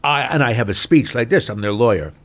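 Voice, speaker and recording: An older man, an actor being interviewed, telling anecdotes in an expressive way, swinging between loud and soft. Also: mid-range voice, fairly quick. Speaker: actor, podcast guest. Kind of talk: animated anecdotal storytelling.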